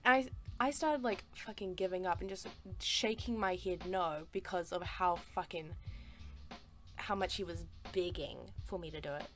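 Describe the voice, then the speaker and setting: A woman's voice: on the low side, normal speed, a bit bright, soft background music. Exasperated woman telling a storytime. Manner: emphatic, exasperated, swears a lot, says "like" and "sis". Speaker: storytime artist. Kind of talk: casual storytime voice-over.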